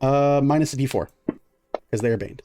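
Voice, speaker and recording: A man's voice: medium pitch, moderate pace, warm tone. A man running a tabletop game as game master, narrating casually with lots of fillers and counting out dice rolls.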